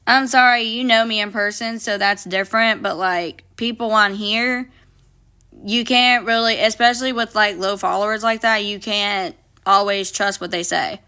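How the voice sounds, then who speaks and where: A woman's voice: medium pitch, steady tone, moderate pace, bright, forceful tone, smooth. A young woman livestreaming casually from her phone, reading viewer comments aloud and answering them bluntly, with plenty of swearing. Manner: blunt, profane, reads viewer comments aloud and talks back.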